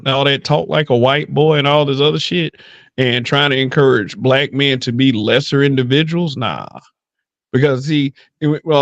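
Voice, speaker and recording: A man's voice: fairly high pitch, vocal fry, fairly bright tone, no room sound, highs cut off. A man hosting a podcast in casual chat, blunt and profane, often mimicking other people's voices. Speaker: podcast host.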